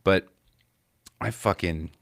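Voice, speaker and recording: A man's voice: sits low, takes it slowly, creaky, fairly bright tone, no echo. A man hosting a comedy show, talking loosely over video clips with fillers and swearing. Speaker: comedian host. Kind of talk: casual commentary on clips.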